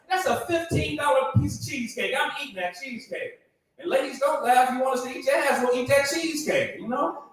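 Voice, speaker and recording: Middle-aged man, stand-up comedian, lively swooping delivery, acts out voices, boomy echo. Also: recorded from a distance. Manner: animated, acts out voices, laughs at his own jokes.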